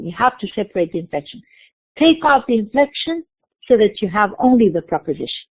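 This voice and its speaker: A woman giving a recorded university lecture, explaining slowly and mixing in terms. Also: mid-range voice, lively intonation, breathy edge, no echo. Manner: explains slowly, spelling out letters, slipping into Arabic terms. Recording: dry tinny phone-like recording.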